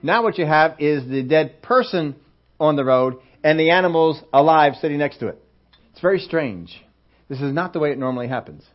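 Folksy, humorous preacher, fairly high voice. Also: male voice, lively intonation, brisk. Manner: folksy and humorous, acts out scenes. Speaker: pastor. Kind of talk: conversational sermon. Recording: dull lo-fi sermon recording.

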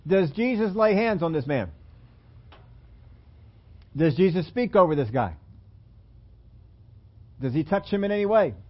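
A man's voice: on the high side, muffled recording. A man preaching a sermon in a church room, talking conversationally and putting questions to the congregation. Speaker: pastor.

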